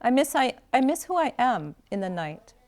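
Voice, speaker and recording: A frank, curious teenage girl as read by a woman, earnest and questioning. Her voice rides noticeably higher than the narration and swings up on her questions. She sounds direct and a little prickly. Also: very animated, normal speed, darkish tone.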